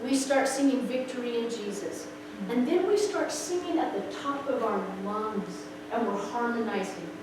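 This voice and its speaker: A middle-aged woman telling a personal testimony with expressive, story-driven delivery. She acts out the people in her story and her voice rises sharply at emotional moments. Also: on the high side, normal speed, hardly any pauses. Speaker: speaker sharing a personal testimony. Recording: echoey room, far from the mic, background noise.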